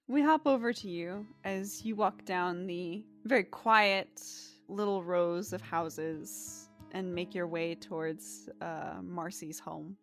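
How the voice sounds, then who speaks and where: A woman narrating as game master of a tabletop role-playing game, in calm, measured storytelling. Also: lowish voice. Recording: faint music behind.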